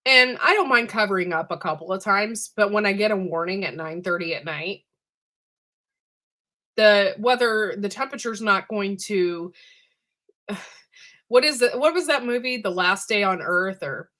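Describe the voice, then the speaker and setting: Chatty bright-voiced woman co-host. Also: mid-range voice, expressive, unhurried. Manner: chatty, laughs often, says "like" and "dude"; chewing while talking. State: recovering from illness. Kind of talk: casual live-stream chat.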